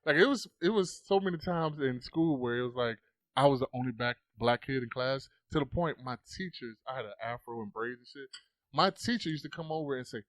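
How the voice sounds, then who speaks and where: A man's voice: medium pitch, brisk, no room sound. A man, a podcast guest, telling a story casually into a close mic. He swears often and acts out the voices.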